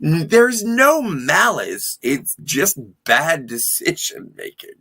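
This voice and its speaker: A podcast co-host enthusiastically recaps a TV episode, throwing in jokey, profane asides. His voice is a little high and sing-song, slow, creaky, sharp, and slightly rough.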